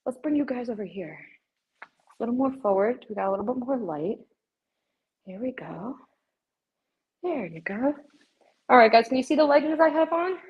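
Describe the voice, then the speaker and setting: A fairly high-voiced woman runs a live shopping stream while working out in her home gym. She is winded and huffing between phrases, yet keeps chatting casually to her viewers. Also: expressive, normal speed, long pauses, highs cut off. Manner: chatty, talks straight to viewers as "guys". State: out of breath from cardio. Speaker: livestream host showing fitness products.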